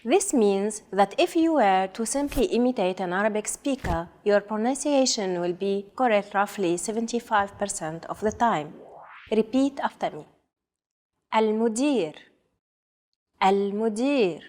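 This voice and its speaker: Woman, co-host, careful deliberate enunciation, mid pitch. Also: expressive, darkish tone. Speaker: co-host and native-speaker model. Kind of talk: scripted lesson, modeling pronunciation.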